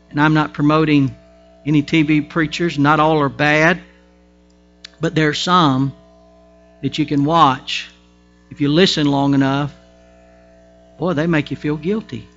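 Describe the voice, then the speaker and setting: A man's voice: high voice, pushed and bright, muffled recording. A man preaching a sermon as pastor, emphatic and folksy, with frequent restarts.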